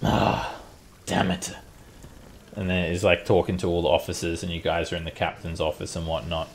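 Game master narrating, low gravelly voice, loose and halting. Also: male voice, little pitch movement, a little hiss or hum. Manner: casual, halting, fillers.

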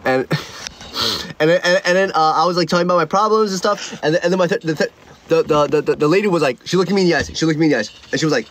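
Rambling young man livestreaming, higher voice. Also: fast talker. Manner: rambling, many restarts and repeated words. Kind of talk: casual livestream storytelling. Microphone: own streaming mic.

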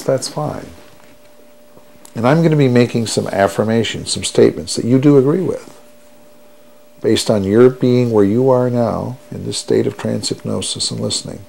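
A man guiding a listener through a hypnosis session, speaking in a soothing, unhurried way and repeating each affirmation. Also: medium pitch, gravelly, dark tone, husky. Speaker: stop-smoking hypnotherapist.

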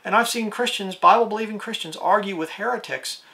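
A man's voice: high-pitched, brisk, gravelly, pushed and bright. A man preaching a plain-spoken video sermon, reading scripture aloud and asking his listeners rhetorical questions.

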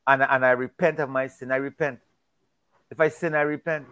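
A man's voice: medium pitch, fairly even intonation, a little fast, a bit bright, smooth. A man in a casual Bible discussion, talking emphatically and preachily, often repeating and restarting his words.

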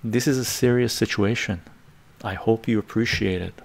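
A man hosts a live stream and tells a story from his own life, stressing his points hard and calling his listeners "gang." His voice sits low and has a gravelly edge. He talks in quick bursts and keeps checking in with a "right?". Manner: emphatic, addresses his audience as "gang".

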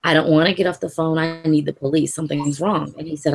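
A woman telling her own story to an interviewer in a calm, measured way, with soft laughs now and then. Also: low-pitched, vocal fry, husky. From Louisville area, Kentucky. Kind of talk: personal account in an interview.

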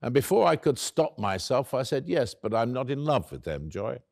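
A man's voice: medium pitch, sing-song, normal speed, vocal fry, a little mellow, dry recording, clean studio sound. An actor playing an elderly male author, telling the story of his late love in the first person, wry and tender, acting out both sides of the conversation. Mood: tender recollection. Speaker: actor in a one-man stage play.

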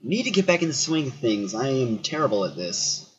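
A man giving excitable commentary on a horror game, yelling at the characters and swapping swears for silly words, on a dull lo-fi recording. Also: mid-range voice, a little fast, husky. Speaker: gaming YouTuber. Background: game music.

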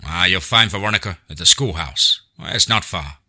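Man doing a gravelly old werewolf elder. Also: sits low, moderate pace, pushed and bright, full character voice. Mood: firm, caring. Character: old gravelly male werewolf elder, firm but caring.

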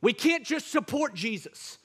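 A man with a high voice preaches a sermon, driving his points home through repeated phrases. His delivery is fervent and keyed up, climbing in intensity as he presses on. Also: big pitch swings, measured pace, pushed and bright, slightly rough. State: excited, wound up. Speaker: pastor.

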